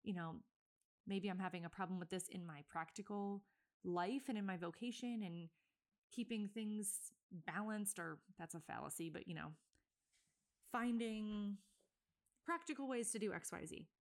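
A woman's voice: medium pitch, moderate pace. Chatty, breathless woman podcast host. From Virginia, USA. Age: 30s. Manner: chatty and rambling, many fillers and self-corrections. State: a bit out of breath. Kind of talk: casual solo podcast intro.

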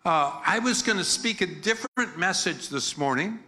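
Bright-voiced American preacher, joking with the crowd. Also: male voice, sits high, animated, moderate pace. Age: older. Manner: joking, playful, leads the crowd in chants. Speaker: guest preacher. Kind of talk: energetic sermon with crowd call-and-response. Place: church hall with a congregation.

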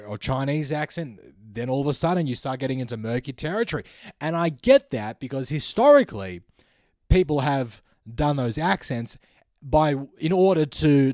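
An Australian man in the middle of a comedic podcast monologue, thinking aloud in a wry, musing way and often restarting his sentences. His voice sits at an ordinary pitch for a man. The sound is dry and close, with no room echo. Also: darkish tone. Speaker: comedian host.

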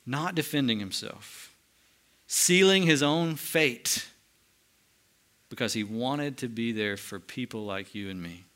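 Bright-voiced preacher, hushed to animated. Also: male voice, medium pitch. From United States. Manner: swings between lively emphasis and hushed, slow solemn passages. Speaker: pastor. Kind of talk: sermon.

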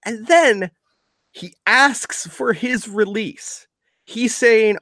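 Speaking slowly in a high, slightly bright voice, this man co-hosts a casual podcast chat where he reads out wrestling news and sarcastically rants about it, cursing frequently. The studio-quality recording carries no room sound.

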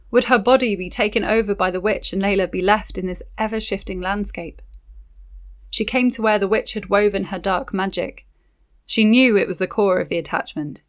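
A woman reading dark fantasy narration for an audiobook in a steady, dramatic manner. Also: fairly low pitch.

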